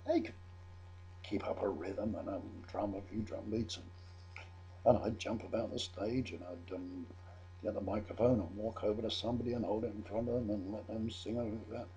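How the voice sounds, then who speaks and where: A man's voice: lowish voice, moderate pace, mellow, highs cut off, a little hiss or hum. An older man from England telling a chatty personal anecdote, amused at himself, with frequent restarts. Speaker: storyteller.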